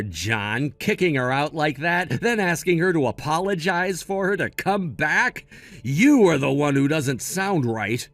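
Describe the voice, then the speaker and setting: A man's voice: mid-range voice, fairly bright tone, no echo. A man narrating a text-message story in a blunt, scolding tone. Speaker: narrator voicing text chat.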